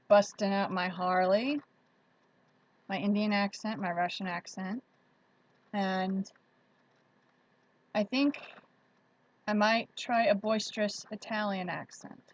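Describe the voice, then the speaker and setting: A woman's voice: mid-range voice, steady tone, takes it slowly, pauses often, highs cut off. A woman hosting a casual livestream, chatting in a friendly way and greeting viewers by name. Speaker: livestream host. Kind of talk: casual livestream chat reading viewer comments.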